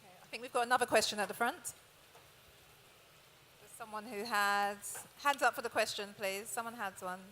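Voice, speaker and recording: A woman moderating a live event, briskly calling for audience questions and directing the room. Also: a little high, bright, forceful tone, a little hiss or hum.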